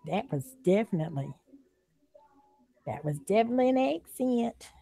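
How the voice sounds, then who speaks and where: A woman's voice: mid-range voice, lively intonation, moderate pace, vocal fry, dark tone, husky. A woman with a Southern accent, hosting a casual livestream chat from home, talking in a loose, drawling way and laughing often. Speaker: livestream host.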